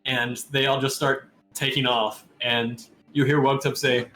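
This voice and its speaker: A man's voice: mid-range voice, flat delivery, normal speed, hardly any pauses, noisy background. Man running a tabletop game, laughing. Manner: laughs often, loose and chatty. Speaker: game master. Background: soft music.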